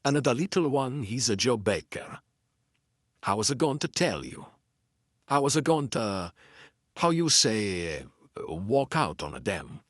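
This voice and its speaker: Man putting on a halting broken-English crook. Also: mid-range voice, very animated, no room sound, clean studio sound. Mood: uneasy. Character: nervous gangster faking a broken foreign accent.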